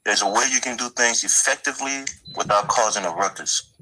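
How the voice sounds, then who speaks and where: Deep-voiced man arguing earnestly. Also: pushed and bright, rough recording. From Minneapolis area. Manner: earnest, halting with many restarts. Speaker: debate guest. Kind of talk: political debate.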